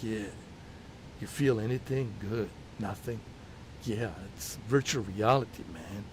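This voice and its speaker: A laid-back action hero speaks in a hushed, mellow drawl, as a man puts him on. The voice sits lower and quieter than the performer's own. He sounds calm and unhurried. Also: slight background noise, close to an everyday voice. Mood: soothing.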